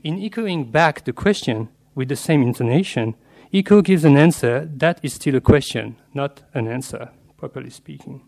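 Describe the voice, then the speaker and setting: A man's voice: mid-range voice, expressive, creaky, darkish tone. Man giving a scholarly literature lecture. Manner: measured and scholarly, slipping in Latin and French terms. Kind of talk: academic lecture read from a paper.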